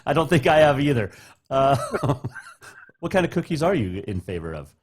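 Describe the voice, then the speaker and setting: A man's voice: mid-range voice, big pitch swings, moderate pace, a little hiss or hum. A male radio host interviewing a coach with casual, chatty questions.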